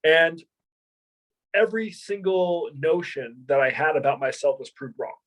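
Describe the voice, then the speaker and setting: A man's voice: on the high side, measured pace, poor audio. A young man, a martial arts instructor, talking casually in an interview and telling stories with lots of repeats and restarts. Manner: animated storyteller, many repeats and restarts.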